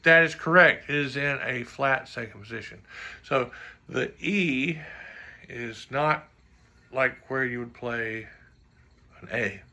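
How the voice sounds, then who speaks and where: A man's voice: mid-range voice, takes it slowly, long pauses, bright, forceful tone. A man teaching trombone audition music, explaining mistakes in his own playing and singing rhythms to show them, with joking asides. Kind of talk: music clinic instruction.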